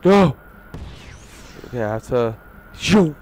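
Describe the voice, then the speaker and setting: A man's voice: medium pitch, slow, a little mellow, soft background music. A young man giving gameplay commentary, frustrated and swearing, with sudden yelps between muttered remarks. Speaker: gamer.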